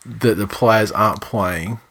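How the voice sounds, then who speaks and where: A man's voice: on the low side, slow, a bit bright, slight background noise. A man, co-hosting a sports podcast in casual, sweary, rambling chat. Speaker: podcast co-host.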